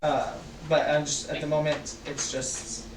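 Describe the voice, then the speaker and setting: Aarzelende speelster legt regels uit. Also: female voice, low voice, flat delivery, far from the mic, noisy background. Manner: halting, explains with fillers and restarts. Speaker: player. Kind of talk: explaining game rules. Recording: echoey room, voice from off-mic.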